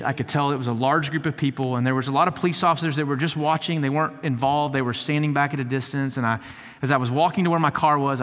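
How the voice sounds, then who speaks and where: Pastor preaching in a reverberant hall. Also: male voice, a little high, fairly bright tone. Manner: conversational storytelling, repeats words, rising to fervent emphasis. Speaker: lead teaching pastor. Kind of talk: sermon.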